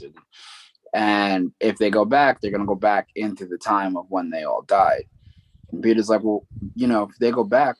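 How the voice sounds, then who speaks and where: Podcast co-host, man, lowish voice, rambling recap, dry close sound. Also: no echo, rough recording. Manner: rambling plot recap with many fillers. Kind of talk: casual chat.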